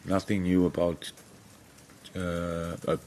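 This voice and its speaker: A middle-aged football manager answering press questions frankly, with many restarts. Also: male voice, deep voice, little pitch movement, takes it slowly, darkish tone. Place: press conference room.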